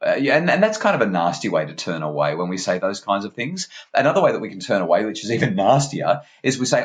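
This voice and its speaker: A man, a parenting expert guest on a podcast interview, talking in an animated, emphatic way and often restarting his words. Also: on the low side, quick pace, hardly any pauses. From Australia.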